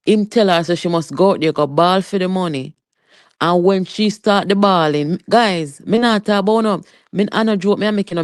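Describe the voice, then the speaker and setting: A livestreamer with a Jamaican accent giving a heated, animated political rant, mixing Patois with English and talking straight to viewers. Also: medium pitch, dry recording, clean studio sound. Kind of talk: live political commentary rant.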